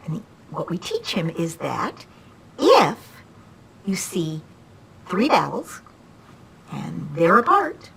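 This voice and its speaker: A woman's voice: lowish voice, wildly swooping pitch, slow, creaky, pauses often, fairly bright tone, slight background noise, low-quality recording. A woman teaching reading one-on-one to a student, patient and encouraging, asking many questions.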